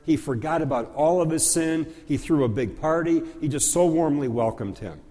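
A pastor explaining a church liturgy in a slow, conversational teaching style, with occasional fillers. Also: male voice, fairly high pitch, animated, mellow. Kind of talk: teaching sermon. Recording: long hall reverb.

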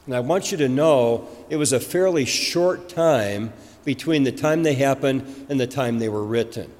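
A man preaching a sermon as pastor, explaining in a conversational way with fillers and restarts. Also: mid-range voice. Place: church. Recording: long reverb of a church hall.

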